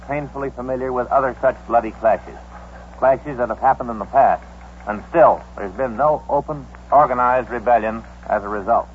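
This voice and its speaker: An actor playing a news analyst in a 1950s radio drama, giving deliberate, analytical commentary. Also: male voice, mid-range voice, close to an everyday voice. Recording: tinny old radio broadcast, faint hiss.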